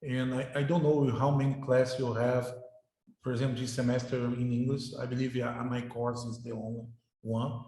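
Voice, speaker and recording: A middle-aged male professor, speaking informally to his class in halting English, often repeating words. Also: mid-range voice, level tone, warm tone, a little hiss or hum. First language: Portuguese. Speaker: university professor. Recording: very echoey room.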